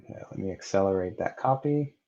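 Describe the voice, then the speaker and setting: A man narrating a technical software walkthrough step by step, in a plain manner with occasional fillers. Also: low voice, animated, fast talker, lo-fi sound. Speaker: software tutorial presenter. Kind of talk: screen-recorded technical walkthrough.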